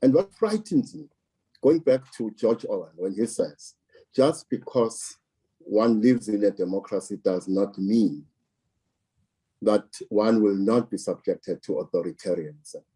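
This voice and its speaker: A man from South Africa speaks slowly and deliberately, leaning on repeated words to drive his points home. His voice is deep and dark, with a husky edge. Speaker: political commentator. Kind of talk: measured political commentary.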